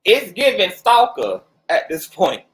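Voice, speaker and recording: A woman hosting a gossip commentary channel, talking in a sassy, mocking way with laughs and drawn-out asides. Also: medium pitch, huge pitch swings. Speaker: commentary host.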